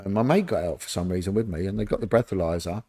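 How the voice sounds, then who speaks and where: A man's voice: low-pitched, fast. Middle-aged man telling stories. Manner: animated anecdote-telling, acts out quoted dialogue. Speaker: interview guest, former police officer. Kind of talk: casual storytelling.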